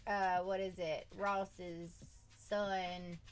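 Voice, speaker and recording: A woman's voice: on the low side, flat delivery, extremely slow. A woman hosting a drawing livestream from home, chatting casually, reading chat aloud and laughing often. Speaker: art livestream host.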